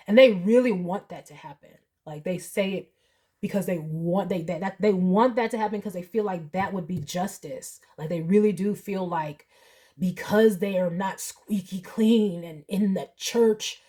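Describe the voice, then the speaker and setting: A young woman giving a casual tarot reading, animated and profane, with loud high-pitched outbursts. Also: normal speed. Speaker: tarot reader.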